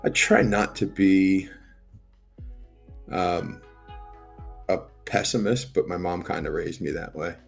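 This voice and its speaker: A man's voice: low voice, slow, creaky, pauses often, soft background music. A man streaming live, chatting casually and rambling as he answers and reads out viewers' messages. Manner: rambling, talks to chat and reads their messages aloud.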